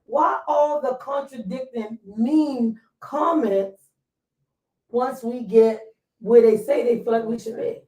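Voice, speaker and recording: A woman hosting a casual talk show, lively and slangy, talking straight to her listeners. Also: fairly high pitch, slow pace. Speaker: podcast host. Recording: roomy sound, mic far off.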